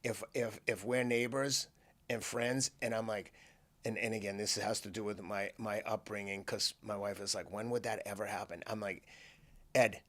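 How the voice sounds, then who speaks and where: A man's voice: on the low side, moderate pace. A man, a podcast guest telling stories in a casual interview and acting out the voices of the people in them. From Boston. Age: 50s. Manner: animated, acts out quoted voices.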